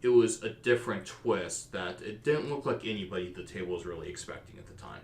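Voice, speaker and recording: A man with a fairly low voice tells stories from his tabletop campaigns in a relaxed, animated podcast chat. The recording is roomy and echoey, with his voice sitting in a live room. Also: fast. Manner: storytelling, animated. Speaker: game master and podcast host. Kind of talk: casual podcast discussion. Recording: roomy echo.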